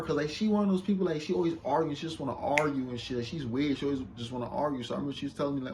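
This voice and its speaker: A young man telling a casual storytime to his viewers in a loose, slangy, boastful way. He keeps checking in with the listener and gets loud and excited when he retells an argument. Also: medium pitch, racing, few pauses, a little hiss or hum. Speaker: vlogger.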